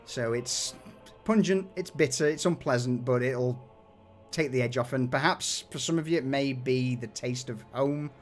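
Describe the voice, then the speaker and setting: A man running a tabletop game as game master, narrating scenes in a relaxed, descriptive way with frequent fillers. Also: mid-range voice, normal speed, soft background music.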